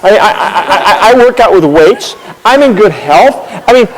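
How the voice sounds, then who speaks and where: A man's voice: sits high, lively intonation, moderate pace, long reverb tail, poor audio. A man telling a history story in a chatty, anecdotal way. He repeats words as he gathers his thoughts and shows things with props. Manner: demonstrates with props as he talks.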